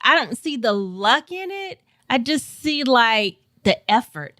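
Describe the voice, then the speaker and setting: A woman's voice: on the high side, slow pace, dry recording, studio quality. A woman from St. Louis, Missouri, guest on a podcast, telling a story with lots of laughs and acted-out quotes. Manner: animated, laughs often, acts out quoted voices.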